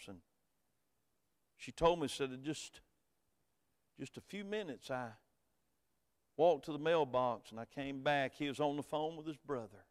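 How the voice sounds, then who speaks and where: A middle-aged man with a Southern American accent, a pastor preaching a sermon in folksy, storytelling talk that swings between quiet asides and loud, emphatic preaching. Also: mid-range voice, smooth. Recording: hall reverb.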